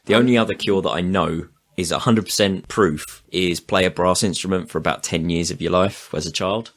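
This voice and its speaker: A man chatting casually on a podcast, dropping deadpan quips. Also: low-pitched, fairly quick. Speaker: podcast co-host. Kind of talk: casual chat.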